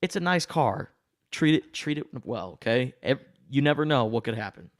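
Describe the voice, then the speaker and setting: A man co-hosting a podcast, talking in a quick, animated, joking way. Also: medium pitch. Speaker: podcast co-host. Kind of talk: casual chat.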